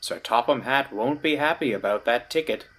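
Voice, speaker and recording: A man's voice: medium pitch, normal speed, a bit bright, close to an everyday voice. A man voicing a polite little tram engine. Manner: polite, mild-mannered.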